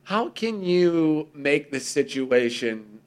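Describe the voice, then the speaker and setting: A man's voice: on the high side, slow. Casting: a loose, foul-mouthed podcast co-host, a man who jumps into quoted voices. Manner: profane, animated, acts out quoted voices. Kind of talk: casual conversation.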